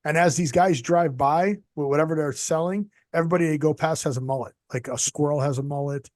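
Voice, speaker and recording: A man co-hosting a casual show over a video call, rambling through topics and slipping in deadpan jokes. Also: fairly high pitch, a little fast, no room sound, clean studio sound. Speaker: podcast co-host.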